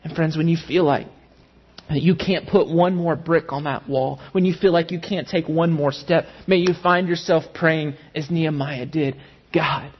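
Slightly high-voiced man preaching a sermon. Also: fairly even intonation, husky, muffled recording. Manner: acts out tempting inner voices, then slows and drops low on key lines. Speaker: pastor.

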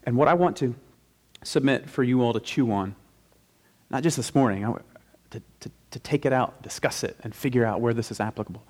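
A male pastor giving a conversational sermon, stressing key phrases slowly and emphatically. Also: mid-range voice, a little mellow.

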